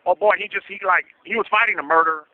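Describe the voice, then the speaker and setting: Fast-talking man on a tinny phone line. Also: high-pitched. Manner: streetwise slang, acts out quoted voices. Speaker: guest telling prison stories. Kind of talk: casual storytelling over the phone.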